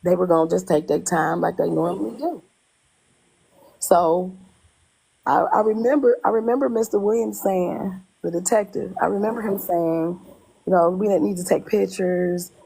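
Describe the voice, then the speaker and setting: A woman with a heavily gravelly, husky voice recounts her own experience in relaxed conversation. She tells it in an animated way, circling back on phrases and acting out the lines of the people involved. Her voice sits somewhat low. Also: moderate pace, low-quality recording. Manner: animated, retells dialogue in quotes, repeats herself. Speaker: guest telling her story. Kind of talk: casual conversational storytelling.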